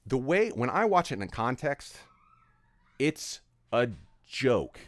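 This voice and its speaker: A man's voice: mid-range voice, sing-song, takes it slowly, dry recording. A man giving an opinionated commentary rant, emphatic and exasperated, scolding his audience. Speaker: video commentator.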